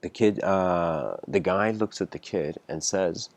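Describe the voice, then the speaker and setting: A man's voice: low-pitched, takes it slowly. A young man giving a casual spoken lecture, rambling with many fillers and restarts and voicing the people in his story. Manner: acts out characters in the story with raised voice.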